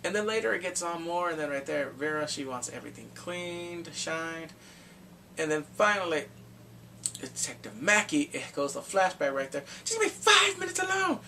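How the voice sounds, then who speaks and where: Excitable rambling man, a bit off-mic. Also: fairly high pitch, moderate pace, vocal fry. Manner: rambling, excitable retelling with blunt crude slang. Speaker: movie reviewer. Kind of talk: casual spoken movie recap. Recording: distant mic with faint background noise.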